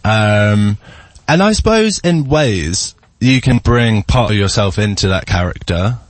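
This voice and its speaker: Man, low dry voice, chatty guest. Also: lively intonation, a little slow, dry recording. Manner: laughs often, tells stories. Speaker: guest, singer and actor. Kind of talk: casual interview chat. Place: radio studio.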